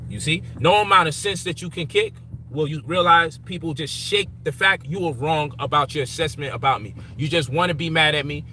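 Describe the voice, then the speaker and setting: Heated, high-voiced man ranting. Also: fairly quick, pushed and bright, a little hiss or hum. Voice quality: profane, emphatic, heated. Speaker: commentator. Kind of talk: frustrated personal rant.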